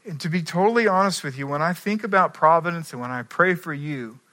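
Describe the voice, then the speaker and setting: A man preaching a sermon as pastor, earnest, moving between quiet asides and emphatic climaxes. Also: fairly high pitch, fairly quick.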